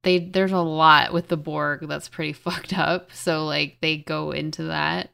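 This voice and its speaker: A woman co-hosting a podcast, talking quickly and giggling often. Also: deep voice, level tone, creaky, bright, forceful tone, clean tone. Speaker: podcast co-host. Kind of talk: casual chat.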